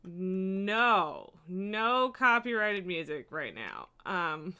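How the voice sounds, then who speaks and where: A woman's voice: medium pitch, very animated, extremely slow, bright, forceful tone, clear, resonant tone. A woman streaming from home, chatting casually and cooing baby talk at her cats. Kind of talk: casual live-stream chat. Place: home room.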